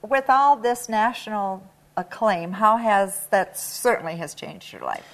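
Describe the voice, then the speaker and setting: Lady co-host on a local tv show, lively voice, jumps in with encouraging questions. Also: mid-range voice, a little slow, a little hiss or hum, rough recording. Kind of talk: local TV interview.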